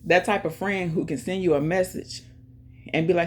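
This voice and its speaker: A woman hosting her own channel, chatting casually and directly to viewers, giving shout-outs and talking about faith. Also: fairly low pitch, normal speed, husky. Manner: chatty, talks straight to viewers with lots of "y'all". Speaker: YouTube channel host. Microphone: earphones in, music playing in her ear.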